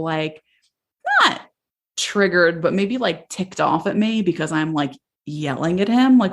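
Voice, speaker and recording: Candid young woman podcast host, low voice. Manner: candid, emotional, says "like" often. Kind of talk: personal storytelling on a podcast.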